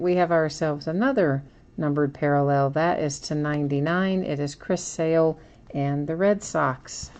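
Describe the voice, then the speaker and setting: A woman hosting a live card break, chatting casually as she opens packs and reads out each card. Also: low-pitched.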